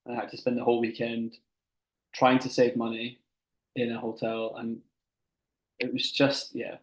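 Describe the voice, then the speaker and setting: A young man co-hosting a podcast, chatting in a relaxed, easy way. His voice stays fairly flat in pitch. The room has a noticeable echo. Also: normal speed. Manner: relaxed, conversational, backs up his partner. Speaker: podcast co-host. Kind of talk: casual chat.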